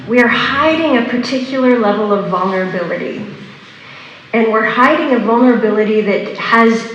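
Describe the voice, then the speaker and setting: A woman's voice: mid-range voice, a bit bright, slight background noise. Woman teaching in an echoey hall. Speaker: workshop presenter. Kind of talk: teaching talk to a workshop audience. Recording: echoey hall with long reverb.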